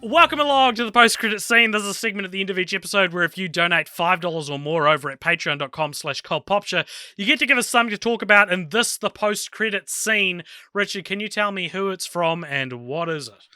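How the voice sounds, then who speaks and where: Bright, high-voiced joking man. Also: quick pace, clear, resonant tone, no room sound, studio quality. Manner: jokey and playful, laughs often. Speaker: podcast co-host. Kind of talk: casual chat.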